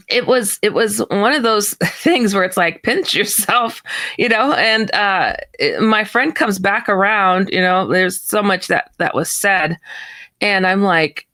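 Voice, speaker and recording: A woman guest tells a personal story with real animation, acting out both sides of the conversation. Her voice is bright and pointed. The sound is dry and close, with no room around it. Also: mid-range voice, animated, slow, no room sound. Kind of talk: storytelling in an interview.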